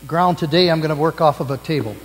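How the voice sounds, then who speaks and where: Pastor giving a children's message. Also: male voice, on the high side, fast, in a large hall, rough recording. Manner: gentle, questioning, talking to children. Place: church sanctuary.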